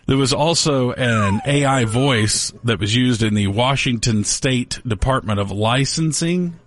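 A man's voice: mid-range voice, unhurried. A man co-hosting a casual talk show, rambling through odd news stories with a wry, joking manner. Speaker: co-host.

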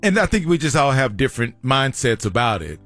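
Animated man chatting casually. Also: medium pitch, fairly quick, faint music behind. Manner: storytelling, animated quoted asides. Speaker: podcast co-host. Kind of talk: casual chat.

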